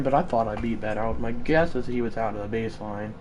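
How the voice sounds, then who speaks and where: A man streaming a baseball video game, calling the plays like a play-by-play announcer, shouting on big plays and muttering asides in between. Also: a little high, animated, normal speed, few pauses, slight background noise. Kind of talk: live gameplay commentary.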